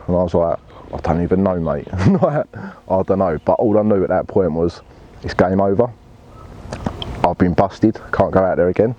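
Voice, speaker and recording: A man's voice: deep voice, normal speed, warm tone, slight background noise. A man telling a fishing story in blunt, laddish slang and swearing freely. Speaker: angler telling his story. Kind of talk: casual storytelling.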